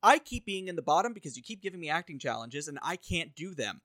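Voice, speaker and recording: A man's voice: a little high, sing-song, fast talker, fairly bright tone, no echo. A man co-hosting a casual podcast, making dry, offhand remarks. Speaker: podcast co-host. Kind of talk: casual chat.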